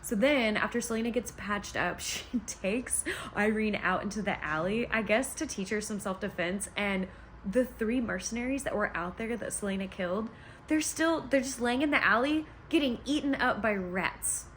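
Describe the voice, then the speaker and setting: A woman's voice: mid-range voice, normal speed, a little hiss or hum. Chatty young woman recapping a book. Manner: chatty and animated, with playful asides. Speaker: book vlogger. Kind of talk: casual plot recap. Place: home, on a couch.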